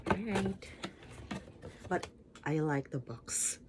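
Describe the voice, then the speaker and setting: A woman's voice: deep voice, slow pace, a little mellow, a little hiss or hum. A Filipino woman vlogger chatting casually as she unboxes gifts at home, giggling and playful. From Philippines. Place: home in Japan.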